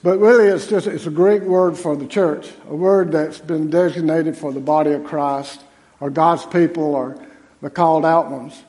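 A man's voice: on the high side, steady tone, normal speed, darkish tone. A man, an associate pastor giving a conversational, folksy sermon to his congregation in a church. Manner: conversational, folksy, with many restarts and asides to the congregation. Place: church sanctuary.

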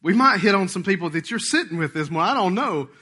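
Lively, bright-voiced pastor preaching. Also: male voice, high-pitched, fast, breathy edge. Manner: folksy, joking, animated preaching with acted-out voices. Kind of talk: sermon.

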